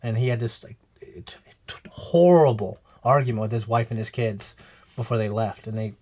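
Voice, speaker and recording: A man's voice: on the low side, normal speed. Chatty man telling stories. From Philippines heritage. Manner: rambling, animated storytelling with restarts. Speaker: reaction show co-host. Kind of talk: casual chat.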